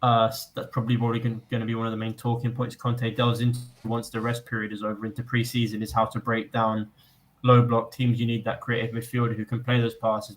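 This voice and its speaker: A man's voice: medium pitch, rough recording. A young man calling in as a fan guest, giving an articulate, long-winded football match analysis over a remote call. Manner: articulate, even-toned, long flowing points.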